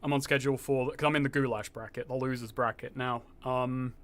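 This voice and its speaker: A man's voice: mid-range voice, fairly even intonation, brisk, a bit bright. A young man streaming a game, chatting casually with viewers, rambling, swearing freely and reading chat aloud, with a slightly posh-sounding voice. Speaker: gaming streamer.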